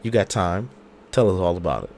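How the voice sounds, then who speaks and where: A man with a cold co-hosts a podcast over a video call. His voice comes out hoarse and a bit low is clear as he tells a slangy, animated story. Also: brisk, background noise. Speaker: podcast co-host. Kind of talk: casual chat.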